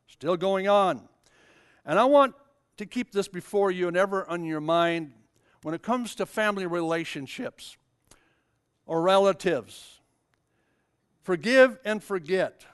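A man's voice: fairly high pitch, smooth. An older man preaching a sermon, telling a Bible story and rising to fervent emphasis.

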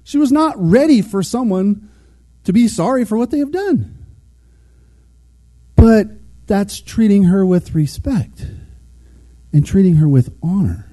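A man's voice: sits high, measured pace, long pauses. A man giving a casual, conversational sermon, acting out little quotes as he goes. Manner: animated, conversational, acts out quotes. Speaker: preacher.

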